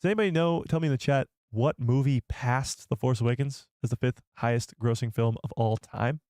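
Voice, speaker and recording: Brief: excitable male streamer, rambling casual chat with viewers, very dry close sound. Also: medium pitch, a little fast, clean tone, no echo. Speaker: live stream host.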